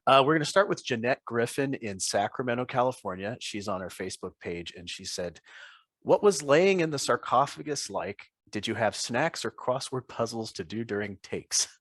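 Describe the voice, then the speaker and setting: An upbeat man hosting a podcast interview, reading out fan questions in a chatty way. His voice sits at a middle pitch and sounds close and dry, with no room around it. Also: lively intonation, normal speed, a bit bright, dry recording. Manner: upbeat, reads out listener questions. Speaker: podcast host. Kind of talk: casual interview chat.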